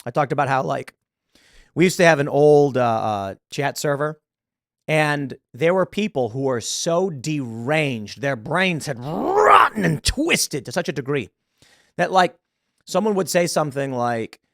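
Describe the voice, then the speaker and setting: Animated ranting American man. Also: fairly high pitch, unhurried, vocal fry, no room sound, studio quality. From United States. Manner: ranting, animated, laughs mid-sentence. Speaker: political commentary host. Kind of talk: casual commentary.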